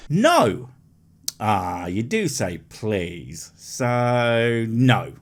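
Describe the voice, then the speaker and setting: Sarcastic man, lively pitch. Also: very slow. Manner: sarcastic, mocking, animated. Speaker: comedy commentary host. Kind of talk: sarcastic video commentary.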